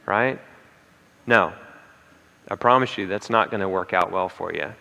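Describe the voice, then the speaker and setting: A man's voice: low voice, measured pace, vocal fry, long pauses, sharp tone. A man giving an emphatic motivational talk at a conference, repeating key lines and checking in with "okay?" and "right?". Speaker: speaker at a conference. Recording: reverberant hall.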